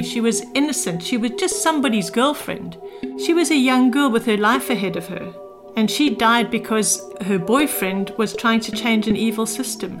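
An older woman from South Africa, a former spy, earnestly recalling her past in a personal story. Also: mid-range voice. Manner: earnest, reflective recollection with quoted dialogue. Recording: music bed under speech.

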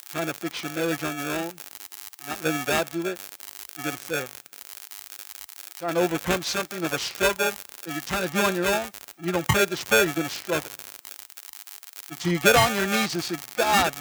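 A man preaching a sermon as pastor, impassioned, dropping soft and then building loud, often repeating words. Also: fairly high pitch, low-quality recording. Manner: repeats words and restarts phrases.

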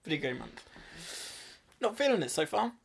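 A man's voice: fairly high pitch, big pitch swings, normal speed, vocal fry, slight background noise. A man co-hosting a podcast in casual chat, laid-back, mostly giving short agreeing replies. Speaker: podcast co-host.

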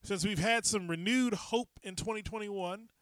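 A man's voice: sits high, normal speed, dry recording. A man hosting a comedy podcast, playful and sarcastic, jumping in with jokes. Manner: playful, sarcastic, jumps into bits. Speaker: podcast host. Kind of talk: casual comedic podcast chat. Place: podcast studio.

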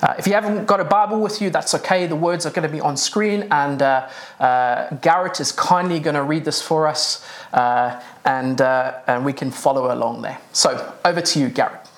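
A man's voice: a little high, normal speed. A man preaching a sermon in a conversational way, with many fillers and restarts.

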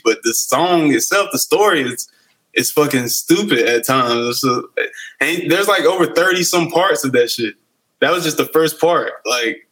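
A man's voice: medium pitch, fairly bright tone, poor audio. A man in a casual chat, loose and slangy, laughing as he tells stories.

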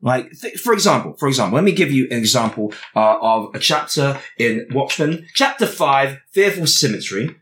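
Animated man explaining comics. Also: mid-range voice, normal speed, few pauses. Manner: animated, analytical, many restarts and fillers. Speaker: podcast co-host. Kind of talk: casual chat.

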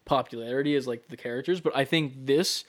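A young man co-hosting a podcast in relaxed, rambling banter. He talks in an animated way, with lots of fillers and offhand swearing. His pitch sits in an ordinary middle range. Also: quick pace. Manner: animated, profane, uses many fillers. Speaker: podcast co-host. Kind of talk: casual podcast chat.

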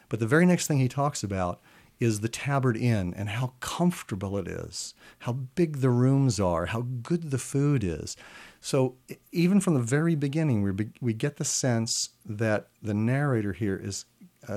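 A man's voice: mid-range voice, darkish tone. Man explaining old poetry with relish. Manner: reads Middle English verse slowly with long held vowels. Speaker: literature professor guest. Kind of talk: animated explanatory chat with recitation.

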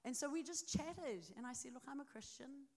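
Animated New woman preaching. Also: high voice, fairly quick. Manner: animated storyteller with frequent fillers and restarts. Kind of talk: sermon with personal testimony.

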